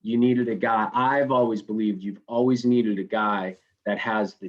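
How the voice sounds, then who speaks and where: A middle-aged man, a college baseball head coach, telling stories in a relaxed interview, with frequent restarts and "right?" tag questions. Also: lowish voice, moderate pace, few pauses, muffled recording. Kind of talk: conversational interview storytelling.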